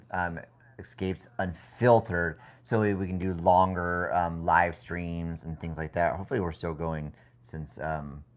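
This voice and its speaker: Super deep voiced guy rambling on a home livestream, lots of ums, laid back. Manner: rambling, relaxed, many fillers and restarts. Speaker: live stream co-host. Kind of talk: casual live stream chat. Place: home indoors with a TV in the background.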